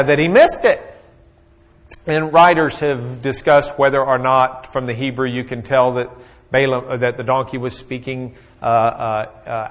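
A man teaching a Bible lesson in a folksy, joking storytelling way, with plenty of fillers. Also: medium pitch.

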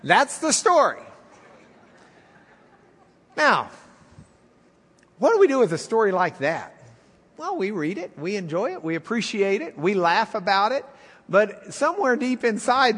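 A man's voice: high-pitched, big pitch swings, measured pace, long pauses, fairly bright tone, slightly rough, big-room sound. A male preacher retelling a story in a folksy, wry, conversational sermon.

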